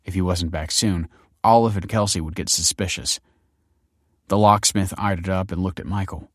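A man narrates an audiobook with a very low, steady voice. The recording is close and dry, with no room sound. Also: moderate pace, no echo.

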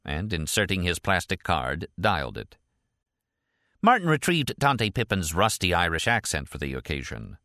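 A man reading a novel aloud as an audiobook narrator, in a measured, even storytelling manner. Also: deep voice, dry recording, clean studio sound.

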